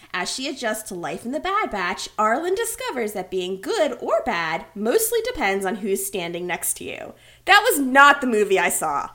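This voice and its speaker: A woman co-hosting a casual movie review chat, animated and exasperated, laughing often. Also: fairly high pitch. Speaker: podcast co-host.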